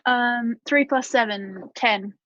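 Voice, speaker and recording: A woman's voice: a little high, takes it slowly, fairly bright tone, lo-fi sound, a little hiss or hum. A woman playing a tabletop game, talking through her moves with hesitant fillers. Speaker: player.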